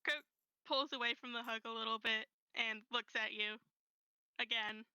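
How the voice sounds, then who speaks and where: A woman narrating as game master of a tabletop game, gentle and unhurried, with many fillers. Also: a little high, steady tone, clean tone, no room sound, low-quality recording.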